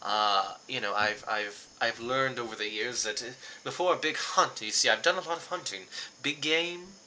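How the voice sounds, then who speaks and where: A man's voice: mid-range voice, normal speed, pushed and bright, slight background noise, pitched below the performer's own voice. A man voicing a sweaty, blustering middle-aged hunter who brags and rambles. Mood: boastful. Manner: boastful, flustered and rambling.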